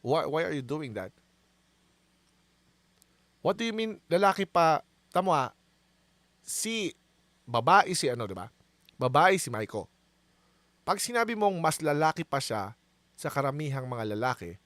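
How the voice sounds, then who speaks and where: A man with a Filipino accent giving casual commentary, switching between Tagalog and English, animated and quick to laugh as he reads verses aloud. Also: fairly high pitch, no echo. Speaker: online commentator.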